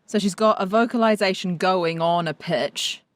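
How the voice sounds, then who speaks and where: A woman's voice: lowish voice, moderate pace, dry recording. A woman co-hosting a podcast, curious and giggly, asking questions in casual chat. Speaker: podcast co-host.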